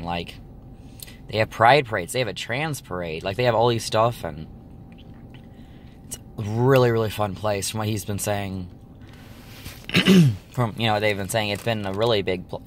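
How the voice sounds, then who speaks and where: A man's voice: on the low side, fairly bright tone, slight background noise. A young man chatting casually to his viewers, rambling with lots of ums and likes. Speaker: vlogger. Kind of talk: casual chat to camera.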